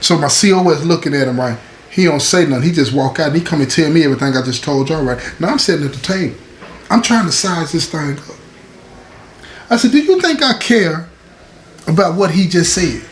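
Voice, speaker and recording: Quick and animated, a man with a slightly high voice hosts his own show and tells a story in a relaxed, conversational style. He keeps asking "right?" and "you know what I'm saying," and the room sounds echoey with faint ambient noise.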